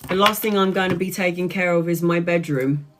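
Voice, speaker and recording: A woman's voice: on the low side, fairly quick, background noise. A woman, congested and bunged up, chatting in a rambling way on a home live stream as a tarot reader and answering viewers' comments. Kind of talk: casual live-stream chat.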